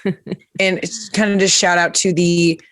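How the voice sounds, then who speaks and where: A comedian host chatting loosely and jokily, stumbling through fillers and restarts. The voice sits at a middling pitch. It is recorded close and dry, with no room sound. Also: level tone, unhurried, fairly bright tone, no echo. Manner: rambling, jokey, many fillers and restarts. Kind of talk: casual live-stream interview chat.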